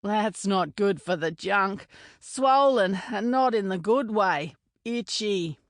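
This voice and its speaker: A woman's voice: mid-range voice, animated, slow pace, dry recording, studio quality. A woman doing a wincing, crude rugby bloke. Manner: grimacing, crude joking. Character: male rugby teammate wincing at jokes.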